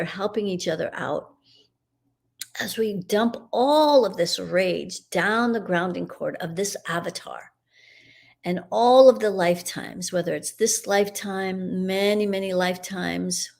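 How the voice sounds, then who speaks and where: A middle-aged woman hosting a live broadcast and leading a guided energy clearing in a meandering, soothing, spiritual way. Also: mid-range voice, measured pace. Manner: meandering, spiritual, soothing, with soft laughs and fillers.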